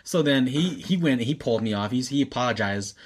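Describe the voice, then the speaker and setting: A man's voice: medium pitch, fairly quick. A man in his twenties telling a wild story in casual chat, laughing often and swearing freely. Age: 20s. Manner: laughs often, animated when quoting, profane.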